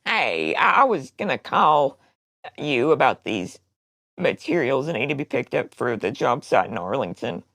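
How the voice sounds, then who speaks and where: A woman's voice: rumbling low, very animated, moderate pace, vocal fry, a bit bright, no echo, exaggerated voice. A woman playing a worn-out, crude older woman on a prank phone call. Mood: flat, pleading. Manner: crude, rambling complaints. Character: worn-out older Southern woman, crass and blunt. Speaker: prank caller.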